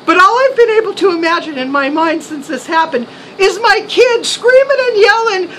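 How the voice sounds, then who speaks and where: Middle-aged woman vlogger, very high bright voice, animated motherly storytelling. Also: moderate pace, a little hiss or hum, poor audio. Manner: animated retelling, soothing and motherly with her son. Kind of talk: casual storytelling.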